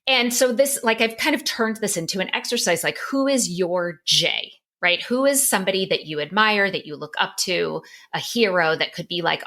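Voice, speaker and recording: Bright-voiced woman telling a candid story. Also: mid-range voice. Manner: candid, emotional, animated storytelling. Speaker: psychologist and author guest. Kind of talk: personal storytelling in a podcast interview.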